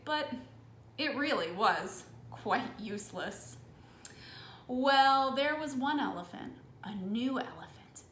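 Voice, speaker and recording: A woman librarian telling a children's story with a high, bright voice that swoops up and down with great energy. She speaks straight to her young listeners, and the sound comes across as an echoey room. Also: a little hiss or hum. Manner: animated, addresses young listeners.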